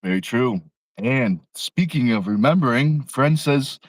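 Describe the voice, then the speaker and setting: A man's voice: mid-range voice, lively intonation, measured pace, no echo, poor audio. Young man, casual stream co-host, laughs a lot, trails off, dry close sound. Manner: laughs often, easygoing, trails off mid-sentence. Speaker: co-host of a livestream. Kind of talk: casual livestream chat.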